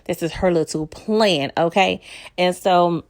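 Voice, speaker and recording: A woman chatting casually to her viewers in an episode recap, animated and quick to laugh, leaping up in pitch as she acts out lines. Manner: animated, laughs often, jumps up in pitch when acting out lines; talks straight to viewers.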